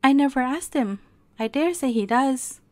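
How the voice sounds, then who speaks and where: A woman's voice: high-pitched, expressive, moderate pace, dry recording, clean studio sound. A woman doing a cool, dismissive nurse.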